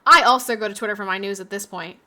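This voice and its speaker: Bright-voiced blunt young woman. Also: medium pitch, fast talker. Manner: blunt, crude and laughing. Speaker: streamer. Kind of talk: casual chat.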